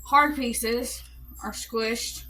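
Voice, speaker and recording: Southern woman, Alabama accent, slightly high and bright, walking viewers through dinner at home. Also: steady tone, extremely slow, slight background noise, low-quality recording. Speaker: home cooking vlogger. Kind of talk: casual cook-along narration. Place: home kitchen.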